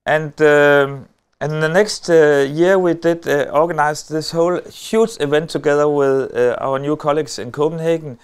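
A middle-aged man with a Danish accent tells a story from a conference stage. His voice sits a touch high and comes through smooth and clear. He hesitates often and fills the gaps with small sounds, keeping a wry edge. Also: steady tone. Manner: halting, many filler sounds, wry humor. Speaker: lecturer. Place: on a stage before an audience.

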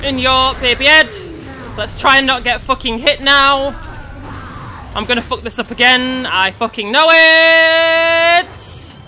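A woman with a high, bright voice swears and shouts her way through a hard game as she comments on her own play. She talks quickly and is easily frustrated, and she yells at the enemies on screen. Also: steady tone, a little hiss or hum. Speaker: gameplay commentator.

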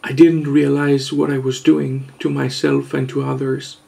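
A man vlogger giving a mock-serious confession, halting and hesitant, earnest and overwrought. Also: medium pitch, level tone, vocal fry, dark tone. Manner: halting, hesitant, with long pauses.

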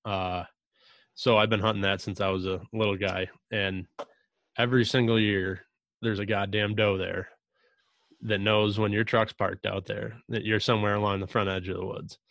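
A man with a low voice talks through a hunting story in an easygoing, unhurried way. His pitch barely moves, and his delivery stays steady and plain. The recording sounds dry and close. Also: gravelly, no echo. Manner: relaxed, drawn-out storytelling with mild cursing. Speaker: podcast host. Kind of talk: casual hunting chat.

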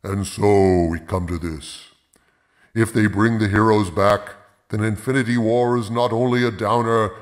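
Grandiose man in a pompous villain persona. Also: on the low side. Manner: grandiose, pompous, speaks of himself in third person. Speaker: host of a movie review show. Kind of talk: theatrical villain-persona commentary.

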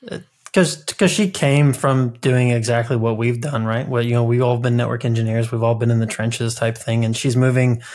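Man, podcast co-host, casual chat, thoughtful, filler-heavy, middle pitch. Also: steady tone, normal speed, a little mellow. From Kentucky. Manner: thoughtful, rambling explanations with many fillers.

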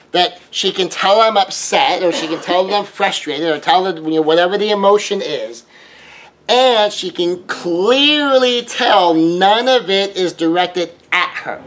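A middle-aged man with a high-sitting, somewhat bright voice speaks at a measured pace. As a relationship teacher, he gives advice in a casual, conversational monologue, occasionally acting out quoted exchanges.

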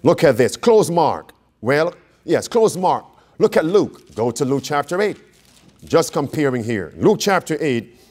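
A man's voice: a little high, very animated, measured pace, darkish tone. A man preaching an interactive Bible study, quizzing his audience and repeating key phrases for emphasis. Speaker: preacher teaching a Bible class.

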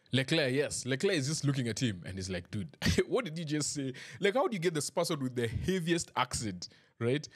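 A man hosting a podcast in a casual, chatty and self-deprecating way, joking with his listeners over a desk mic. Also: mid-range voice. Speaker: podcast host. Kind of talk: casual chat.

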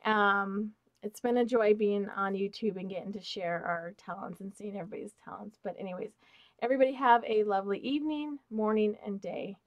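Woman, mid-pitched, gushing craft-haul vlogger, close dry mic, drifts soft and breathy. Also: a little fast, no echo, dull audio. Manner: gushing, excited, repeats "oh my gosh". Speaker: craft channel host. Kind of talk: unboxing haul vlog. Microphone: close mic, off camera.

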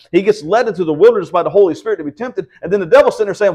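A man's voice: sits high, fast talker, hardly any pauses, a little mellow. A man, teaching the Bible at a house church. He preaches in an easy, conversational way, often asking the room rhetorical questions. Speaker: pastor.

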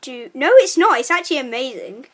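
Providing let's play commentary alongside a friend, this excitable woman who hosts a gaming channel chats in a high, lively voice at a slightly fast clip. Whenever the game goes wrong, her casual talk turns into loud shrieks of laughter.

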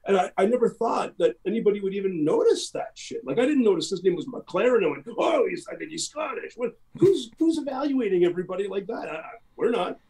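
Animated high-voiced man ranting. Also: fast talker, few pauses. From Canada. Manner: animated, emphatic, rambling. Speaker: interview guest, musician. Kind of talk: casual interview chat.

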